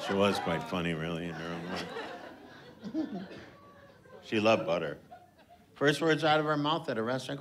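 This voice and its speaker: A man doing stand-up and talking about his mother in a halting, deadpan way. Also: fairly low pitch, noisy background. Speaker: stand-up comedian. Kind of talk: stand-up and interview reminiscing.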